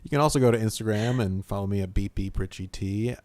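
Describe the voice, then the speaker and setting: A man's voice: on the low side, fast talker, darkish tone, dry recording. A man co-hosting a podcast, chatting casually with playful puns and banter. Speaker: podcast co-host. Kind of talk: casual chat.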